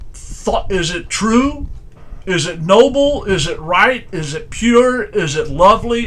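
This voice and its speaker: A pastor giving an informal, conversational sermon in plain, folksy speech, asking strings of rhetorical questions. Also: male voice, sits high, a bit bright. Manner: plain everyday grammar.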